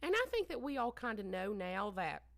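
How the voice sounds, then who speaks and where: A woman co-hosting a podcast, telling stories in a chatty, animated way. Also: mid-range voice, moderate pace, no echo. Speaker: podcast co-host. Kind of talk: casual chat.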